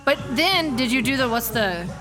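A woman co-hosting a casual chat, blunt and animated and quick to laugh. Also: on the high side, music in the background. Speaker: podcast co-host.

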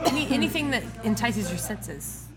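A woman co-hosting a casual chat, playful and often pausing to search for words. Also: on the high side, sing-song, over music. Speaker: podcast co-host.

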